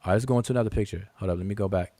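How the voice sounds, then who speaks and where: Racing along in a lowish, mellow voice on a dry recording, a man who teaches hieroglyphs on his channel guides viewers through on-screen tomb photos. His screen-share lesson doubles as a rebuttal, delivered emphatically with counting aloud and frequent repetition.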